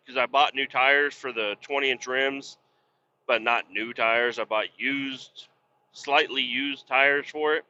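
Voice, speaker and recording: A man's voice: mid-range voice, sharp tone, dull audio, slight background noise. A man hosting a podcast, telling a rambling, profane story in casual chat and getting worked up as he acts out arguments. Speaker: podcast host.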